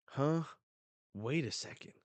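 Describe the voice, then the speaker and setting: A man reading a comic chapter aloud and reacting to the panels with quick casual remarks. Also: medium pitch, lively intonation, no echo. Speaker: manga reaction host.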